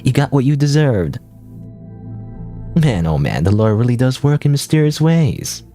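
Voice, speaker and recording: A man's voice: mid-range voice, big pitch swings, moderate pace, dark tone, soft background music, lightly acted. A man voicing a smug, spiteful nun in a game, with a mocking, snide delivery. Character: smug, spiteful young nun who gloats.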